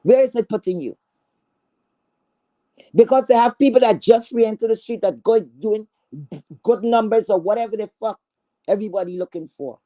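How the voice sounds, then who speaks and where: Speaking at an ordinary pace with long pauses, a streamer with a slightly high, mellow voice tears into someone in a profane callout. She's scornful and combative, repeats herself often, and keeps stammering and starting over.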